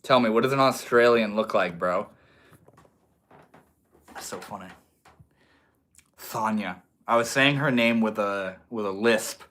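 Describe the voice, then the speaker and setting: A man's voice: lowish voice, unhurried, long pauses, fairly bright tone, a little hiss or hum. A young man hosting a livestream, chatting casually with viewers in a laid-back, slangy way. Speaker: livestream host.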